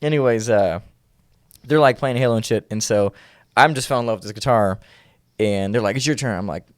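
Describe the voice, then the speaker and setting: A man's voice: lowish voice, moderate pace, clear, resonant tone, no room sound, clean studio sound. A young man from Indiana, a guest musician, telling a story in a casual, laid-back way with many fillers. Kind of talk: casual interview chat.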